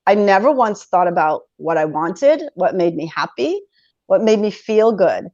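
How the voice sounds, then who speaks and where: A lively woman in her forties shares a personal story as a podcast guest, breaking into laughter and playing out her own old reactions. Her voice sits at a middle pitch. The sound is dull and lo-fi, with a dry room. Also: normal speed, no echo. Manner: animated, laughs often, acts out her own past reactions.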